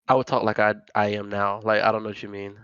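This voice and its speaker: A man's voice: on the low side, little pitch movement, fast talker, fairly bright tone, clean tone, no echo, dull audio. A man hosting a casual podcast chat, rambling and packing his talk with filler words. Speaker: podcast host.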